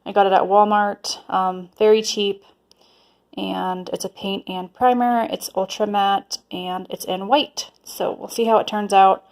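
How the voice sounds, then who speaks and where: A woman's voice: mid-range voice, steady tone, unhurried, a little mellow. Young woman, casual home vlog, chatty, rambling, fillers, echoey room. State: slightly out of breath. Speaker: lifestyle vlogger.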